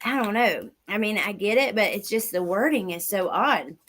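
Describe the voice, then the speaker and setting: A woman's voice: medium pitch, animated, normal speed, fairly bright tone. A woman hosting a livestream, reacting to an interview clip and reading out viewers' chat comments as she muses aloud. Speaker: livestream host.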